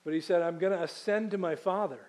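High-voiced with a darkish tone, a man delivers a sermon in a conversational way. He asks rhetorical questions and slows to read scripture aloud.

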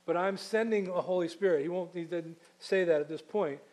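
A man preaching a sermon conversationally, asking rhetorical questions and slowing down to read scripture aloud. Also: high-pitched, darkish tone.

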